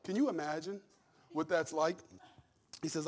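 A man with a high voice preaches with real fire. He drops to near-whispers for personal stories, then climbs into loud, shouted peaks. Dry, joking asides keep it folksy. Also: normal speed. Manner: animated preaching that swings from soft asides to shouted climaxes; humorous, folksy storytelling with laughs. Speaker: pastor. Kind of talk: sermon.

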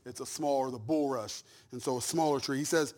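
A middle-aged male pastor preaching a sermon with folksy humor, swinging from soft, intimate asides to shouted climaxes. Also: medium pitch, fairly quick. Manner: humorous, folksy storytelling with laughs.

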